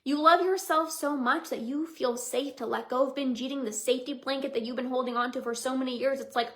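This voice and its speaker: A woman's voice: high voice, steady tone, a little fast, hardly any pauses. A young woman hosting a solo motivational podcast as a coach, talking earnestly and heartfelt, with lots of repetition and "like". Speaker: podcast host and binge-eating coach.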